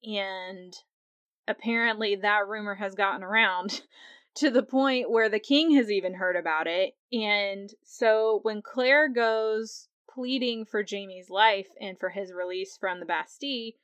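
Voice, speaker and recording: A young woman hosting a podcast, recapping a TV episode in a casual, chatty way, laughing often and acting out quotes in a higher voice. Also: unhurried, a bit bright, smooth, no echo. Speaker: podcast host.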